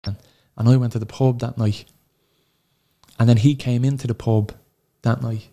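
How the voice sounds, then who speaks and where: A man in his thirties with an Irish accent, a podcast guest telling an emotional personal story, halting and sorrowful, swearing freely. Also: medium pitch, fairly even intonation, warm tone. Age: 30s.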